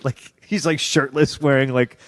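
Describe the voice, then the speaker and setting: A man in his thirties telling blunt, profane stories as a podcast guest, turning loud and animated when he recalls his anger. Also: medium pitch, moderate pace, no room sound. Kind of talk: candid storytelling in an interview.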